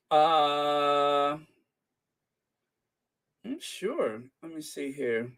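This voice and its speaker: A man's voice: fairly high pitch, huge pitch swings, extremely slow, pauses often, a bit bright. An older man hosting a casual livestream, rambling with jokey asides. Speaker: channel host.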